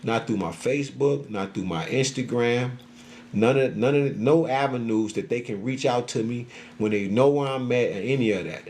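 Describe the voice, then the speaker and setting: A man's voice: medium pitch, normal speed, a little mellow, slight background noise. A middle-aged man venting in a casual, profane monologue, often acting out what other people said to him. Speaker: social media creator.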